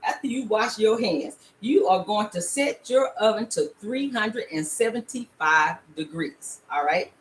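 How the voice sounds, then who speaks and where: A woman's voice: medium pitch, animated, unhurried, hardly any pauses, reverberant, slight background noise. An older woman hosting a home cooking show, talking casually and playfully with viewers, checking in with them often. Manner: chatty, playful, frequent laughs and "all right?" check-ins. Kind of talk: casual recipe demonstration. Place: home kitchen. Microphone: laptop camera.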